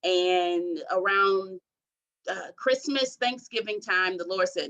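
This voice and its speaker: Woman guest in her 30s from Detroit. Expressive, faith-centered storytelling, mid-range voice. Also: medium pitch, slow, rough recording. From Detroit, USA. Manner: expressive, testimony-style storytelling. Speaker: podcast guest. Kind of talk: faith-centered interview talk.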